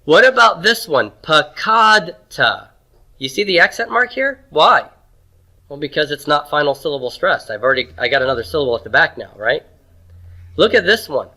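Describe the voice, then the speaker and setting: Bright-voiced man teaching a class. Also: fairly high pitch, animated, a little fast, poor audio. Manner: drills pronunciation, asks the class questions, folksy jokes. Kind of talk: classroom lecture.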